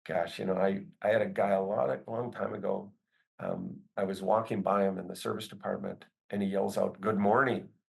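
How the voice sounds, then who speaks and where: Gravelly low-voiced man, rambling. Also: level tone, fairly quick, darkish tone, low-quality recording. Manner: rambling, many "you know" fillers. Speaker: business owner, guest. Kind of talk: casual conversation.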